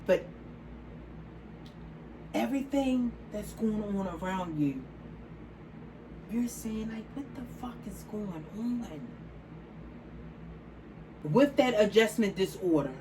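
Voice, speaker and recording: A woman's voice: mid-range voice, slight background noise, low-quality recording. A woman in her forties talking casually to camera, outspoken and emphatic, repeating phrases for stress. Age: 40s. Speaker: vlogger.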